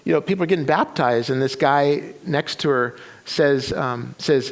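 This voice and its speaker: A man's voice: fairly high pitch, normal speed. A man preaching a sermon, retelling a story with many restarts and quoted voices. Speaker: pastor. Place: church sanctuary.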